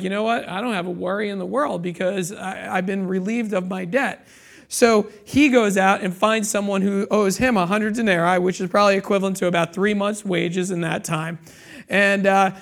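A man's voice: high voice, creaky. A man preaching a sermon, reading scripture and retelling it in casual, plain words. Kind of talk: sermon teaching.

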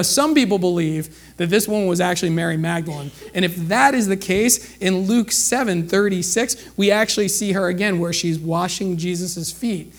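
Man, middle-aged, high voice, sermon, casual preaching, rhetorical questions. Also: brisk, few pauses. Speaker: pastor.

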